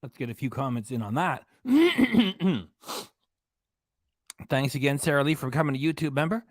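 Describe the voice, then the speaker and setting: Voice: mid-range voice, expressive, normal speed, no echo, studio quality. A livestream host chatting casually, thanking viewers by name and reading out comments between video clips.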